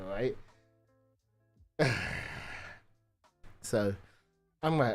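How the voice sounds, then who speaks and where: A man's voice: medium pitch, slow, pauses often, darkish tone. A man talks casually to his stream viewers at a desk microphone, rambling along with fillers and tag questions. He swears freely and keeps checking that chat is following. Faint music sits under his voice. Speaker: live streamer.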